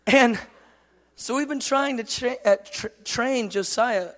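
High-voiced man preaching, impassioned then tender, long hall echo. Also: takes it slowly. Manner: impassioned, swings from loud declaring to soft tender storytelling. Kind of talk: sermon.

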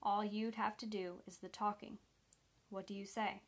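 A woman reading the lines of a calm, gentle male federal agent who speaks persuasively. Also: mid-range voice, normal speed, lightly acted.

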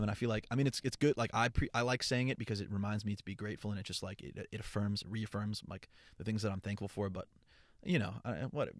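A young man talking straight to his followers in a loose, rambling way. He swears often, restarts his sentences and sounds upbeat and earnest. His voice is fairly low, and the recording is dry and close. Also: fast, no room sound. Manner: rambling and profane, with frequent restarts. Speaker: content creator. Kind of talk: casual chat.

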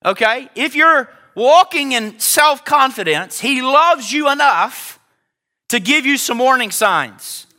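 High bright-voiced preaching man. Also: expressive, slow pace. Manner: emphatic preaching, repeats phrases, addresses congregation directly. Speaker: pastor. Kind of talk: sermon.

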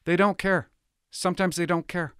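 Middle-aged ex-cop, indignant commentator; high-ish, swooping delivery, dry close sound. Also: male voice, fairly even intonation, normal speed, fairly bright tone, clean tone, dry recording. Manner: indignant, sarcastic, exasperated. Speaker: former police officer reacting to news. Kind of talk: opinionated commentary vlog.

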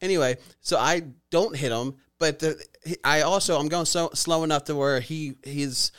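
Animated, laughing storyteller man. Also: a little high, normal speed, clean tone. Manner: animated storytelling, laughs often, swears freely. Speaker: podcast co-host. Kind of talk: casual chat.

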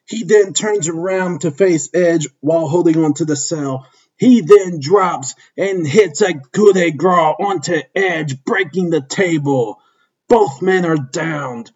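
Husky man reading a wrestling story. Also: on the high side, takes it slowly, darkish tone. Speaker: narrator. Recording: dull lo-fi recording.

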